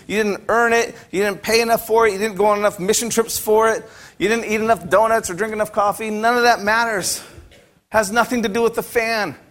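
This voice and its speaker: A man's voice: sits high, a bit bright. A male pastor preaching a sermon emphatically, firing off rhetorical questions and repeating phrases for emphasis.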